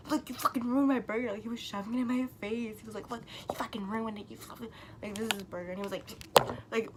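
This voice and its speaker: A woman's voice: medium pitch, slight background noise. A young woman vlogger telling a long story in a casual, rambling way, full of filler words and swearing, acting out what people said. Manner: animated, acts out quotes. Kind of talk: storytime vlog.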